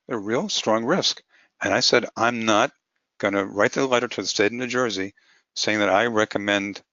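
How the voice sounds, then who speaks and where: A man's voice: lowish voice, sharp tone, dry recording. A man presenting a webinar lecture as a physician, talking plainly through clinical cases step by step. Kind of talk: webinar lecture on cannabis medicine. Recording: muffled lo-fi webinar audio.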